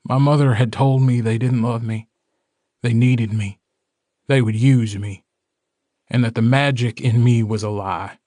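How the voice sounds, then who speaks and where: A male audiobook narrator reading a first-person story in a measured, steady way. His pace is slow and unhurried, and his voice sits in an ordinary middle register. The recording is dry and close, with no audible room. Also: mid-range voice, no room sound.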